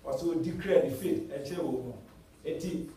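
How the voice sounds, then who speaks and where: A man with a Ghanaian accent preaching a sermon as a church elder, mixing English and Twi and swinging from loud cries to low murmurs. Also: normal speed, a little hiss or hum. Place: church sanctuary. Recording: echoey hall, voice from far off.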